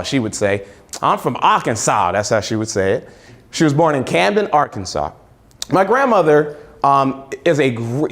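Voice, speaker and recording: A man from New Mexico, a teacher giving a keynote speech, who tells stories and repeats phrases for emphasis. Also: medium pitch. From New Mexico, USA. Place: event hall with an audience.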